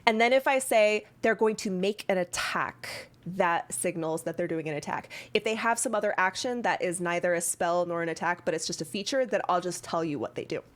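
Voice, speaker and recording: A woman running a tabletop game as dungeon master, lively and chatty, breaking into laughs. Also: fairly low pitch, a little fast, hardly any pauses.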